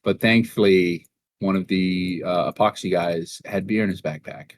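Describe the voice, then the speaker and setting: A young man from Massachusetts rambles through a casual podcast chat in a lowish voice. He curses freely and gets animated when he acts out what people said to him. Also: moderate pace, no echo. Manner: rambling, profane, animated in retold dialogue. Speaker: podcast co-host.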